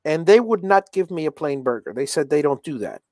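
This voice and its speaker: A middle-aged man hosting a relaxed live chat while soldering, telling rambling stories with many restarts. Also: a little high, a little fast, no echo, clean studio sound. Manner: rambling, self-interrupting storyteller. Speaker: livestream host.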